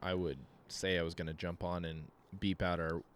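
A man's voice: deep voice, little pitch movement, moderate pace, smooth. A man co-hosting a casual podcast, laid-back, often trailing off mid-sentence and chiming in with agreement. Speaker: podcast co-host.

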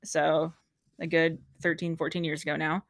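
A woman's voice: low voice, little pitch movement, moderate pace, no room sound, studio quality. A young woman hosting a podcast, talking casually, frankly, and laughing often. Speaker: podcast host. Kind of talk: casual chat.

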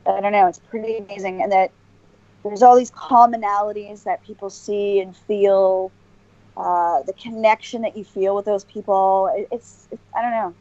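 A woman's voice: mid-range voice, steady tone, normal speed, dark tone, no echo. Brief: woman interview guest, earnest and rambling, dry close sound, slightly muffled recording. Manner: earnest, rambling, many restarts and fillers. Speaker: podcast guest. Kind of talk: casual interview chat.

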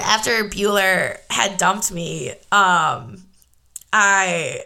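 A woman's voice: medium pitch, unhurried, sharp tone. A young woman hosting a podcast, telling a personal story in a casual, candid way, swearing freely and filling her talk with "like". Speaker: podcast host. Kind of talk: confessional storytelling monologue.

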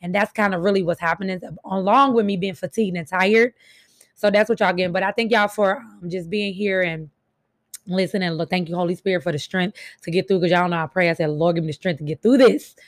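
A woman with a low, raspy voice, short of breath, gives an encouraging faith talk at a slow, dragging pace. She speaks straight to her listeners and calls them baby and y'all. The sound is close and dry. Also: steady tone, dry recording. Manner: warm pet names, addresses listeners directly. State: raspy and winded. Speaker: podcast host.

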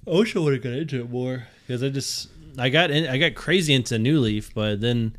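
Young man, podcast co-host, mid-pitched voice, relaxed, hesitant, swears casually. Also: fairly quick. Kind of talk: casual chat.

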